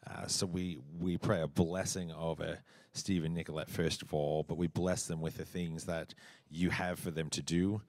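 A pastor praying a blessing over a couple, measured and halting. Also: male voice, low voice, level tone, darkish tone, dry recording. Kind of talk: spoken blessing prayer.

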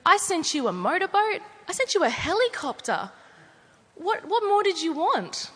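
A woman voicing God as a laid-back, exasperated Australian, speaking slowly with an Australian accent. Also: very high voice, sing-song, in a large hall, voice pushed up. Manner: slow, drawn-out, exasperated.

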